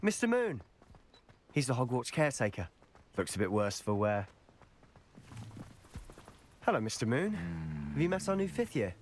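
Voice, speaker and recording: An actor playing a confident teenage wizard student in a video game, well-spoken, wry and self-assured. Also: male voice, mid-range voice, sing-song, normal speed, long pauses, a little hiss or hum, close to an everyday voice. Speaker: student companion. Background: game music.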